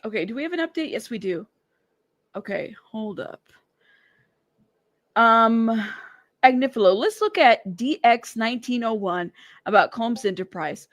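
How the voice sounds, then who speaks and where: A woman's voice: fairly high pitch, expressive, unhurried, pauses often, dry recording, studio quality. A woman hosting a casual live stream, talking in a sassy, teasing way and laughing often. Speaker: live-stream news host.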